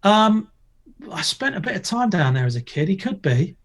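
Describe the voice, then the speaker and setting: A middle-aged man talks through stories in a relaxed podcast chat. His voice has a gravelly, creaky edge, and he keeps things jokey and playful. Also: sits high, moderate pace. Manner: jokey, storytelling, loud impressions when quoting. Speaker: guest, former TV presenter and skater.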